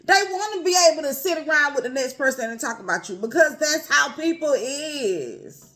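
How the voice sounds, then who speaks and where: A woman speaking earnestly and personally to her viewers, calling them y'all and family, with a quiet, emotional edge. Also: high-pitched, expressive, normal speed. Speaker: vlogger. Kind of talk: heartfelt personal talk to camera.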